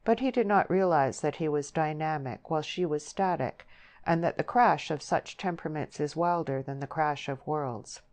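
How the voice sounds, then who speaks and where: Low-voiced woman narrating an audiobook. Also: a little mellow. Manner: measured, literary reading. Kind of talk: scripted narration.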